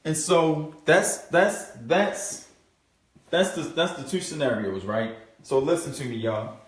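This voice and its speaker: A man's voice: a little high, takes it slowly. A middle-aged man giving a motivational business coaching talk, emphatic and preachy, with casual slangy grammar and a constant "you know what I'm saying". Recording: roomy and distant from the mic.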